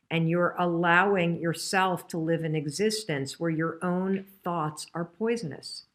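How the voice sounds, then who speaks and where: Low-voiced woman giving a motivational talk. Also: fairly bright tone. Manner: candid, emotional storytelling. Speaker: motivational speaker.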